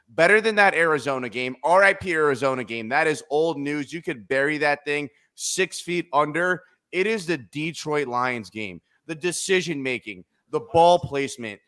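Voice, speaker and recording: A man hosting a casual sports talk show, excitable and emphatic, hammering his points home with repetition. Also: on the high side. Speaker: podcast host.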